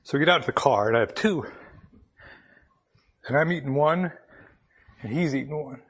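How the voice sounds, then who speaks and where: A man's voice: medium pitch, animated, moderate pace, slightly rough. A man giving a devotional talk to a gathering from up front, telling a personal story in a conversational, plainspoken way and reading scripture aloud.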